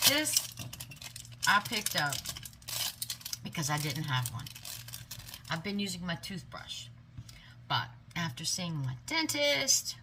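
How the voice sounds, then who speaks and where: A woman's voice: lowish voice, pushed and bright, slight background noise. A woman hosting a casual product review video, chatting enthusiastically to her viewers. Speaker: haul video host.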